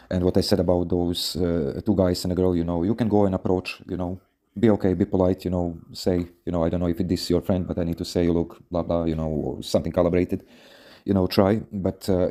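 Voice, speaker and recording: Low, dark-voiced man rambling with fillers. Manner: rambling, many fillers, frequent swearing. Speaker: podcast host. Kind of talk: casual storytelling advice podcast.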